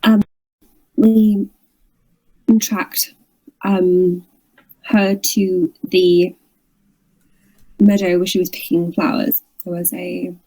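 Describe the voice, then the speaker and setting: A woman playing a tabletop game, speaking in a hesitant, halting way with many restarts. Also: on the low side, little pitch movement, warm tone, slightly rough, poor audio. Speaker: player. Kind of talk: casual tabletop play.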